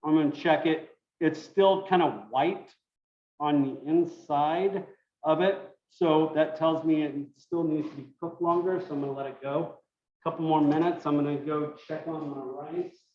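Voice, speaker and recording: Over a roomy, lo-fi video call, a man with a slightly high voice teaches an online cooking class from his kitchen. He talks at a normal speed, relaxed and loose, thinking aloud and filling his explanations with lots of fillers.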